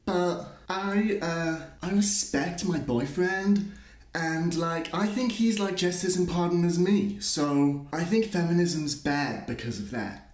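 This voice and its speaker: A man's voice: fairly high pitch, slow, roomy sound. A man voicing a naive, rambling young woman who hesitates and fills her talk with "like" and "um". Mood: ditzy. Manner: hesitant, filler-heavy valley-girl talk.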